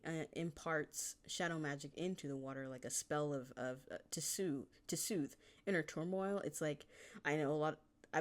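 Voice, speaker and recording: Low-voiced woman chatting casually. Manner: chatty, rambling, laughs often, swears casually. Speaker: fan fiction author. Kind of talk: casual chapter discussion.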